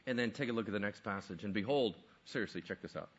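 A man's voice: on the low side, fast talker, slightly rough, lo-fi sound. A male pastor preaching a sermon in a conversational, emphatic way.

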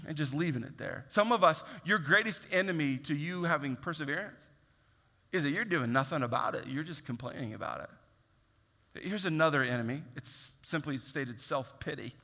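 A man's voice: a little high, expressive, normal speed, sharp tone. A man preaching a sermon in an earnest, conversational way, often acting out what people say. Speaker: pastor. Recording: long hall reverb.

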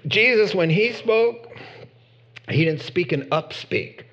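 A man preaching a sermon in an animated, emphatic way, with sudden loud bursts. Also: high-pitched, slow pace, lo-fi sound. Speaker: pastor.

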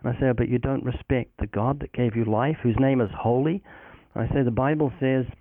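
A man with a steady, medium-pitched voice, talking a little fast, appears as an evangelist guest in a recorded phone interview about faith. He preaches with earnest conviction, quotes scripture and acts out short exchanges between himself and others. His voice comes over a tinny, phone-like line and sounds dry, with no room sound around it.

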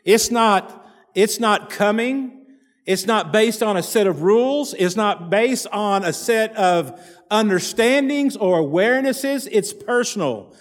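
High-voiced slow preaching man, echoing church. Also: animated. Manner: emphatic preaching with repeated phrases. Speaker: pastor. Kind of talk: sermon. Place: church sanctuary.

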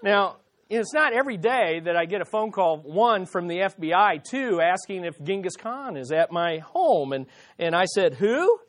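A middle-aged man preaching a sermon, telling a personal story with frequent restarts and repeated words, slowing down to stress key lines. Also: high voice, animated, fairly bright tone. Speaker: pastor.

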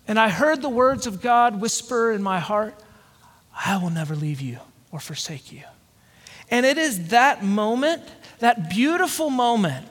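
A man from the American South preaching a sermon, earnest and reflective, with slow pauses. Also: high-pitched, a bit bright. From Georgia, USA. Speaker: pastor. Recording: long hall reverb.

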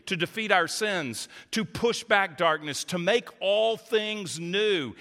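A man preaching a sermon with a bright, forceful voice pitched a little high. His delivery is passionate when he voices cries to God and settles into reflective teaching. The sound carries a long reverb, as in a large church hall. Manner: impassioned, rising pitch on voiced laments to God. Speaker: pastor.

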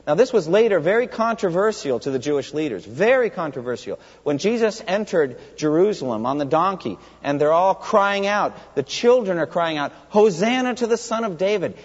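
A man's voice: on the high side, sing-song, moderate pace, hardly any pauses. A man preaching an expository sermon in a church sanctuary, emphatic and putting rhetorical questions to the congregation. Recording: long hall reverb, dull lo-fi sound.

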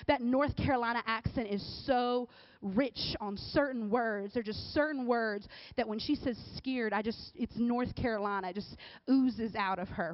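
Woman preaching, kinda high voice, talks like she's chatting w the crowd, muffled dry sound. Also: dry recording. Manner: conversational, keeps asking the crowd "right?". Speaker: speaker at a church or youth service. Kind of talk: sermon with casual storytelling. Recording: dull, dry recording.

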